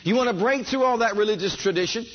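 A man's voice: high-pitched, fast. Fervent male preacher, lo-fi sound. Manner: fervent, building enthusiasm, calls for responses. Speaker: pastor. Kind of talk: sermon. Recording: dull lo-fi sound.

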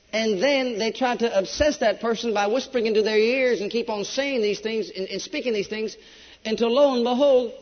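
A man preaching a sermon emphatically, swinging between loud declarations and hushed storytelling. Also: sits high. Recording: dull lo-fi recording with long hall reverb.

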